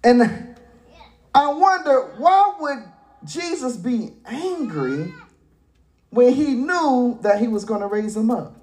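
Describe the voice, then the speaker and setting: A man pastor preaching a sermon, retelling scripture in folksy paraphrase and breaking into shouted emphasis. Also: extremely high pitch, big pitch swings, takes it slowly, pauses often.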